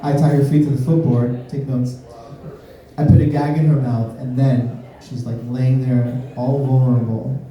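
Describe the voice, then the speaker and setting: A man from Miami doing a stand-up comedy set, deadpan, breaking into sudden high-pitched voices when he acts out quotes. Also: normal speed. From Miami, USA. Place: comedy club stage. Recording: roomy club sound from a distance. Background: audience laughter.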